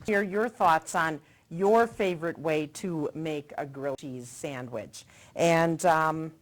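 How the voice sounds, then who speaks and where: A woman's voice: low-pitched, takes it slowly. A middle-aged woman hosting a local TV cooking segment, chatting in a friendly, promotional way while she tastes the food. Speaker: TV show host. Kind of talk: casual cooking segment chat.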